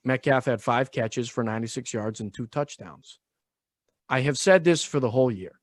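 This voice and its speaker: A man co-hosting a sports podcast, joking and talking with crude, animated banter. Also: medium pitch, moderate pace, no echo. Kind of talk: casual sports analysis chat.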